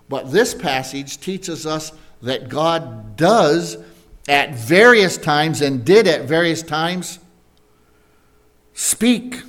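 A man preaching a verse-by-verse Bible lesson, slowly and deliberately, asking his listeners questions as he goes. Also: fairly high pitch, fairly bright tone. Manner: slow, deliberate, asks the congregation questions. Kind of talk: Bible teaching sermon.

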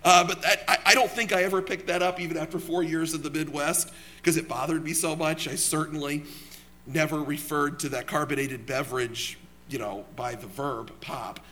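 A man's voice: fairly high pitch, steady tone, moderate pace, sharp tone. A young man preaching a sermon in a church, talking conversationally, asking the congregation questions and telling personal stories.

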